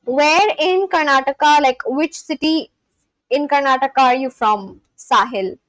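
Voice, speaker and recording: A woman's voice: sits high, unhurried, a bit bright, no echo, poor audio. Chatty woman. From India (Kolkata, West Bengal). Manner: chatty, repeats phrases aloud, then translates them. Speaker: streamer learning a language. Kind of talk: casual live-stream chat.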